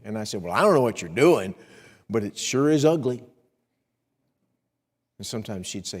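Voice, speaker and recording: A middle-aged man preaching an evening sermon as a visiting evangelist, acting out anxious prayers in a rising pleading voice and dropping to a quiet hush for personal stories. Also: on the low side, lively intonation, normal speed, long pauses. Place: church sanctuary. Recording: long hall reverb in a church.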